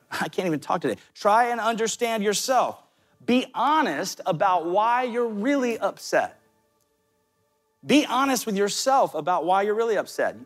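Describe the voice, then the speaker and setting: A man with a Southern US accent preaching a sermon, talking directly to his listeners with quick asides. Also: high voice, sing-song, faint music behind. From American South. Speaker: pastor.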